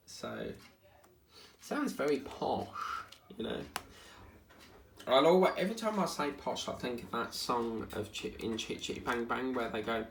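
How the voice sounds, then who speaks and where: A man's voice: mid-range voice, unhurried, vocal fry, pauses often. A man vlogging as he does his diamond painting, chatting in a rambling, chatty way. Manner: rambling, chatty, hums and sings snippets. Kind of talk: casual chat while crafting. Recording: echoey room with faint noise.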